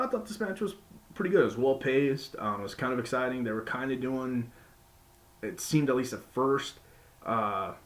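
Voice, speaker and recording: Rambling man reviewing a wrestling show. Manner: rambling, many fillers and restarts; acts out quotes with sudden high-pitched voices. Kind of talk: casual spoken review.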